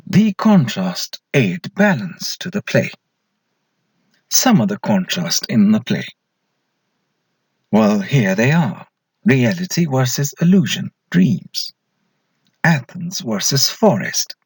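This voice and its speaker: A man with a husky, medium-pitched voice and no echo gives a recorded slide lecture as an English lecturer. He puts questions to students and then answers them himself.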